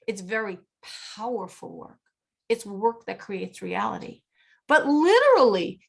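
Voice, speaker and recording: Teacher, woman, middle-aged; high, bright voice; animated, laughs often. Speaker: teacher of a women's class. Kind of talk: lecture with group discussion.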